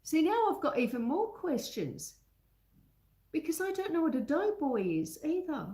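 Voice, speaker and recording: A woman's voice: high-pitched, big pitch swings, normal speed, mellow, reverberant. A woman hosting a home baking livestream, chatting casually and reading out viewers' comments while she bakes, calling people love and sweetheart. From Australia. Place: home kitchen.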